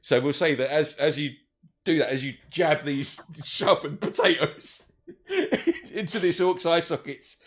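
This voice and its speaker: A man running a tabletop game as game master, joking around and laughing often. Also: on the high side.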